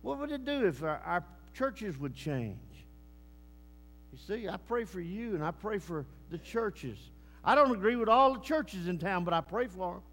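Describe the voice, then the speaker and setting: A man preaching a sermon and telling a moving story, swinging between loud bursts and hushed lines. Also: sits high, lively intonation, normal speed, faint music behind. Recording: long echoing church hall reverb.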